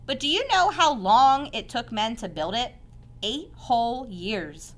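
A woman reading aloud and voicing a wise, kind female spider who explains things patiently and teases gently. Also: a little high, animated, measured pace, voice pushed up. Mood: gentle.

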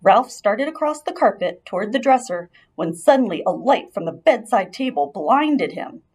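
A woman narrating a children's storybook aloud as an expressive, lively storyteller. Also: medium pitch, normal speed, slightly rough. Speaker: audiobook reader.

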